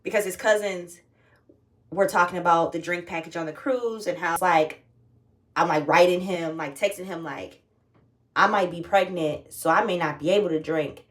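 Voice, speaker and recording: A woman's voice: on the low side, moderate pace, distant mic. Young woman, candid home vlog, chatty and blunt, phone camera. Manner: candid, chatty, swears freely. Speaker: vlogger. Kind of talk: casual storytelling to camera.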